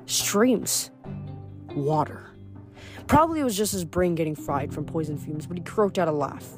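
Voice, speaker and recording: A woman reads a novel aloud with a lively, rising and falling voice. Her pitch sits in an ordinary middle range, and faint music is heard behind her. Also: quick pace. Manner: animated, expressive reading. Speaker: audiobook reader.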